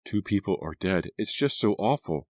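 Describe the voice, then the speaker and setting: A blunt, wry teenage girl, as a male narrator puts her on, speaking flatly and matter-of-factly in a voice that stays very deep. The storybook reading sounds close and dry. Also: moderate pace, no echo. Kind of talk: audiobook character voice.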